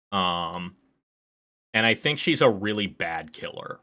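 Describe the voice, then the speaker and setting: A man with a very deep, low-pitched voice talking his way through a game on a livestream. He rambles casually between thoughts and reads the on-screen text aloud. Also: sing-song, measured pace, creaky, bright, forceful tone. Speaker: streamer. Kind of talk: casual livestream commentary while playing a visual novel.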